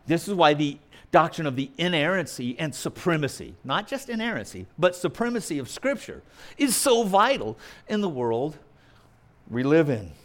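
A male preacher delivering an emphatic, argumentative sermon, mimicking objections and swinging between loud punchy lines and quiet asides. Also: on the high side, big pitch swings, normal speed.

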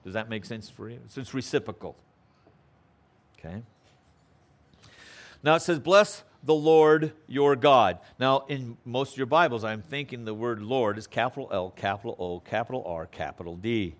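A man's voice: lowish voice, normal speed, long pauses. A man teaching a Bible passage in a conversational way, checking in with listeners and building to emphatic preaching. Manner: conversational, checks in with frequent "okay?"; acts out quotes with playful voices.

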